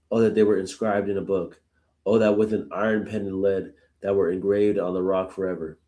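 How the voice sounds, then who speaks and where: A man's voice: deep voice, warm tone. A man hosting a live Bible study, reading verses aloud and then reflecting on them in a casual, conversational way. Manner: uses casual "y'all" asides. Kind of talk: live scripture reading with commentary.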